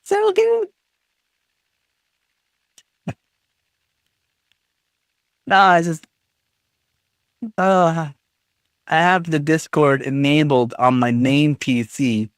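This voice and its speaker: A man's voice: on the high side, fairly even intonation, extremely slow, pauses often, clear, resonant tone, no echo, clean studio sound. A man chatting on a live stream, reading his chat aloud and trading jokey teasing banter with the viewers. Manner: reads chat messages aloud and reacts.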